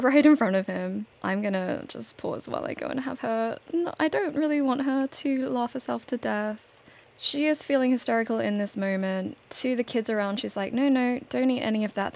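A woman's voice: mid-range voice, a little mellow. Chatty woman narrating her gameplay. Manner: chatty, storytelling, laughs now and then. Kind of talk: casual let's-play narration.

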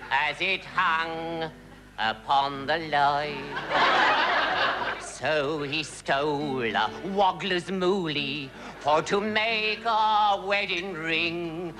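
Man doing a bawdy rustic balladeer, slow drawl, mock-grand, for a radio comedy song. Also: fairly high pitch, voice pushed up. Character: rustic male folk singer, mock-solemn and bawdy. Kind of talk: comic folk song on radio. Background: music.

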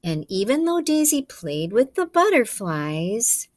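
A woman, a kindergarten teacher, reading a picture book aloud to children in a gentle, coaxing way, asking them questions and dropping to soft whispers. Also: fairly high pitch, sing-song, takes it slowly, no echo.

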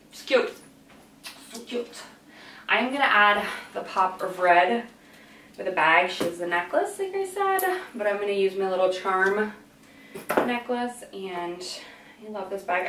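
A woman's voice: medium pitch, fairly bright tone, recorded from a distance, a little hiss or hum. Rambling young woman in an echoey room. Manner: rambling, goes off on tangents. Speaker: fashion vlogger. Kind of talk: casual chatty vlog. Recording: echoey room, voice a bit off-mic.

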